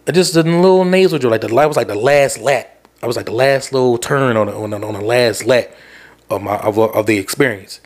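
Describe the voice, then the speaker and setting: A man's voice: medium pitch, fairly quick. A man hosting a podcast, telling a rambling, profane story. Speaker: podcast host. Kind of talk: casual rant.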